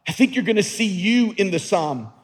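A pastor preaches with earnest emphasis, his voice pitched high and with a husky edge. He often doubles back on his words as he presses his point. A long reverb trails behind him, as in a large hall. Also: animated, normal speed. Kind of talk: sermon.

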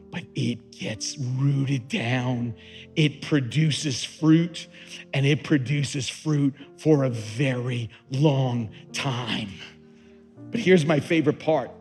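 A man preaching a sermon as pastor, moving between hushed, slow passages and loud, rising emphasis. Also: medium pitch, faint music behind.

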